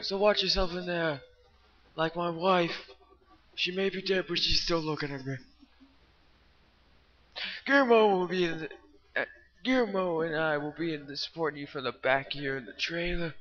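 A goofy old man mechanic with a high, bright voice full of crude asides, as a young man puts him on. The recording is dull and lo-fi.

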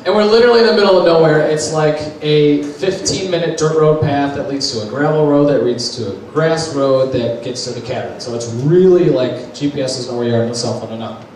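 A young man tells an animated story to a group, laughing along as he goes. His voice is a touch high for a man. He sounds distant from the mic in an echoey room, with noise behind him. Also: fairly quick, few pauses. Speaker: youth leader.

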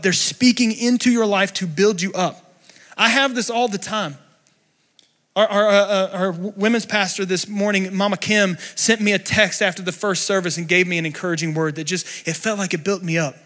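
A man's voice: high voice, a bit bright. A young adult male pastor preaching a sermon in a loose, conversational way, full of fillers and asides.

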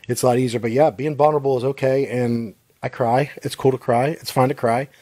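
A man in his thirties co-hosts a podcast with a mid-pitched voice. He talks in an earnest, rambling way, full of restarts and fillers. The recording is close and dry. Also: fairly even intonation, a little fast, mellow, no echo. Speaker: podcast co-host. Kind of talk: casual chat.

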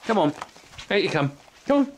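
Male farmer vlogger, casual, baby-talks his puppy with very wide pitch swings. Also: big pitch swings, normal speed, a little hiss or hum. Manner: sing-song baby talk to his new dog. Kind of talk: casual vlog. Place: home with a puppy.

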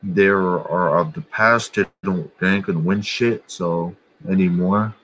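A man's voice: sits low, fairly even intonation, a bit bright, poor audio. A man vlogger talking casually and bluntly about soccer and other channels, swearing offhandedly. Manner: slow, offhand, blunt and profane. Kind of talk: casual chat.

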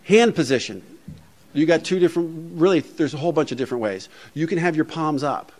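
A man's voice: a little high, lively intonation, a little fast, a little mellow. A man speaking to a recovery meeting in a plainspoken, humorous, conversational way, often saying "you know". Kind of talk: speech to a meeting. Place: meeting room before an audience.

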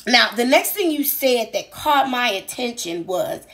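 A woman's voice: medium pitch, lively intonation, moderate pace, hardly any pauses, a bit bright. A woman commentator mocking a speaker in a teacherly, sarcastic way. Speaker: online commentator.

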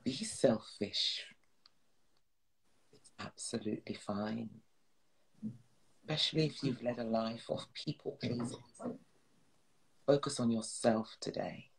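A man leading a slow, solemn guided prayer and meditation, soothing and at times dropping to a whisper. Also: medium pitch, vocal fry, husky, rough recording. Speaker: spiritual guide.

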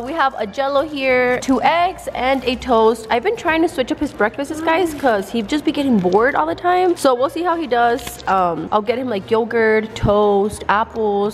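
A woman vlog host chatting casually to her phone camera, laughing often and slipping Spanish words into her talk. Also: a little high.

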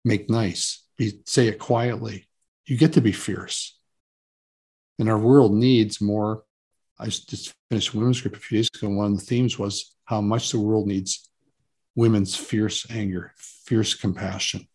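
Low husky-voiced man, earnest and emphatic. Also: fairly even intonation, a little slow, a little mellow. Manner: earnest, emphatic, repeats words for stress. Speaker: guest. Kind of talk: relaxed interview talk.

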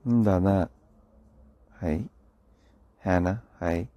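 Reading comments aloud during a late-night phone livestream, a drowsy young singer murmurs casual, low-key answers, switching between English and Korean. He talks at a normal speed in a dark-toned voice with no echo.

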